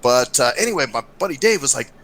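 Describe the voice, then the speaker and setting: An American man hosting a casual podcast chat, telling stories with a profane, lively manner. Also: mid-range voice, fast talker. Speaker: podcast host.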